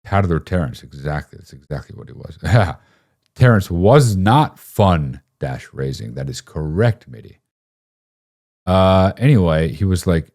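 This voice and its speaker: A man's voice: low-pitched, very animated, unhurried, darkish tone. A man hosting a live stream, telling a rambling, profane childhood story to his chat, laughing often and mocking himself.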